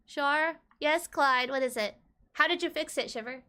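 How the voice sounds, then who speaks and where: A woman's voice: high voice, moderate pace, sharp tone. A young woman streaming a game, chatting casually and playfully with her chat, often giggling.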